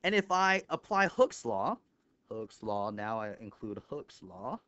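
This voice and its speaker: A man talks through a whiteboard lecture in a clear, smooth voice at a middle pitch, pointing out each item with 'right here' and snapping each step shut with a quick 'bam'. The recording is dry and a little dull and lo-fi. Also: very animated, sharp tone, no room sound. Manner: thinks aloud, punctuates steps with 'bam'. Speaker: engineering instructor.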